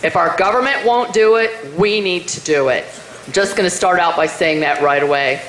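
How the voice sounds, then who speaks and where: A woman's voice: fairly low pitch, moderate pace, a bit bright. A middle-aged woman giving a rousing, emphatic political rally speech in a meeting room, firing rhetorical questions at the crowd. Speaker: political speaker. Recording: roomy hall, faint noise.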